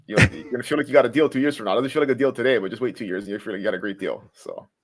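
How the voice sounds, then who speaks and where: A man on a real estate panel, explaining how insurance affects condo lending in a measured way. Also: mid-range voice, heavy background noise. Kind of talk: explanatory discussion.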